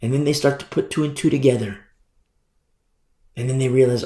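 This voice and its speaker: A man's voice: medium pitch, normal speed, long pauses, a little mellow, echoey room. A male pastor preaching a fiery sermon and acting out scenes from scripture.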